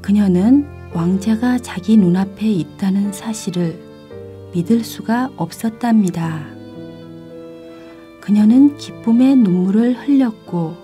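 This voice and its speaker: A woman narrating a children's storybook, reading quickly and steadily. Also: medium pitch. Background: soft violin music.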